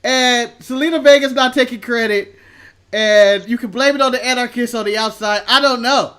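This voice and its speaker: A man's voice: very high voice, normal speed, fairly bright tone, clean tone. A man co-hosting a casual chat show, laid-back and opinionated, rambling through his takes. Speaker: co-host.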